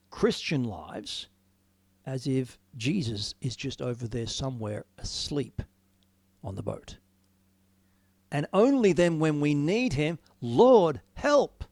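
An earnest man preaching slowly and deliberately in a gravelly voice that sits a little high for a man. He drifts between quiet, musing reflection and sudden emphatic declarations. The sound is dry and close, with no room around it. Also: no room sound. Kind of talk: informal sermon, devotional talk.

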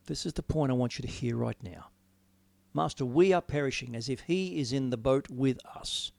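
A man giving an earnest, reflective sermon, moving from hushed musing to emphatic declarations. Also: medium pitch, normal speed, vocal fry, no echo. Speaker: preacher. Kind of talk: informal sermon, devotional talk.

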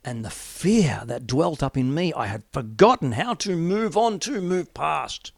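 A middle-aged male preacher with a somewhat high voice delivers a sermon. He swings between loud, emphatic declarations and soft, near-whispered asides. The recording is close and dry. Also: big pitch swings, normal speed, breathy edge, no room sound.

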